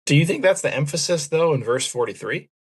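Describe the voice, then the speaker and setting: A man's voice: fairly high pitch, expressive, quick pace, breathy edge. A man in a casual Bible study discussion who pushes back with questions, point by point. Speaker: podcast co-host.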